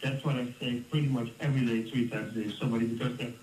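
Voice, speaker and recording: Dutch man, fifties, storytelling guest, lively, heard from a distance in a roomy space, faint ambience. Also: medium pitch, rapid-fire, a little hiss or hum. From Netherlands. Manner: animated, laughs often, restarts words. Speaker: interview guest, former fighter. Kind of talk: casual storytelling interview.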